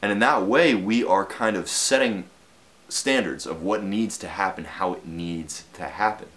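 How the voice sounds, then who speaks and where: A young man with a very deep voice tells a story in a loose, meandering way. He leans on fillers and tag questions and drops a casual swear now and then. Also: unhurried, fairly bright tone, a little hiss or hum. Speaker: vlogger.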